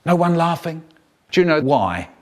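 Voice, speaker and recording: Man telling a comic story, lively pitch. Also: moderate pace. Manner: animated, exaggerated storyteller. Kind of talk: comic first-person storytelling.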